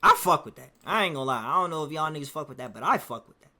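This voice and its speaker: A man's voice: fairly high pitch, expressive, racing. A man streaming casually, rambling in a loose, profane, slang-heavy way. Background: faint music playing.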